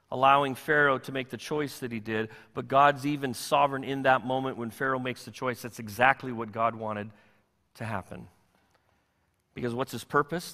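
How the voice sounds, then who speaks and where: A man preaching a sermon as pastor, animated, acting out the voices of the people in his story. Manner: animated, voices the Israelites in a high anxious pitch. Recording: long hall reverb.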